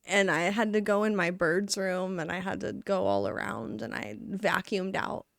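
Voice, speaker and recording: A woman's voice: mid-range voice, expressive, normal speed, gravelly, dry recording, studio quality. A woman streaming while she works, chatting and rambling casually and sounding a little out of breath. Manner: chatty, rambling, self-narrating. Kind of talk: casual live-stream chat while working.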